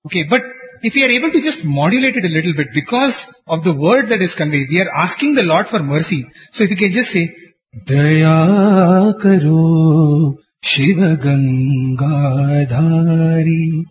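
Man with a high voice explaining singing to a group, earnest, chuckles now and then, long hall echo. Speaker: devotional singing teacher. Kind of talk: teaching talk to a group. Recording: dull recording in a reverberant hall.

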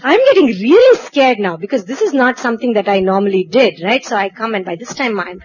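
A woman from India, telling a personal anecdote in a lively way, acting out dialogue and laughing at herself. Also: a little high, a little fast, lo-fi sound, very noisy. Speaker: storyteller. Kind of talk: personal anecdote told to an audience.

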